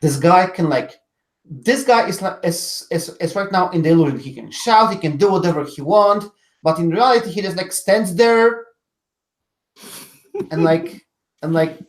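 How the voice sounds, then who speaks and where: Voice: mid-range voice, moderate pace. Rambling player in a roomy echo. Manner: rambling, many likes. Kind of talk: tabletop role-play.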